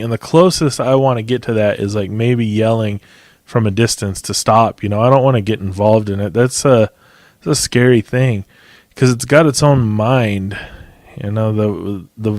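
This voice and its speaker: Male podcast host, mid pitch, rambling and profane, dry close sound. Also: a little mellow, dry recording. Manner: rambling, profane, laughs often. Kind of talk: casual chat.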